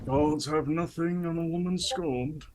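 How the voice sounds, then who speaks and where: A man playing a tabletop game, joking and animated. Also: a little high, a little slow, background noise. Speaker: player.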